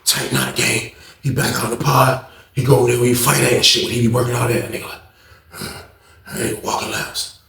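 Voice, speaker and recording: A man telling a casual storytime, slangy and animated, acting out the people in it with a gravelly voice. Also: medium pitch, a little fast, roomy sound.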